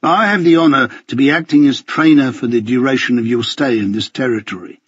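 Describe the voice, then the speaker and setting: A man reads out a suave, ironic spy handler from an audiobook who stays dryly polite and mock-formal. His tone is a touch husky and airy. The recording is dry, with a muffled, lo-fi top end. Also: medium pitch, fairly quick, dry recording, natural voice. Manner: mock-formal and dryly polite, calls others sir and master. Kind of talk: audiobook character voice.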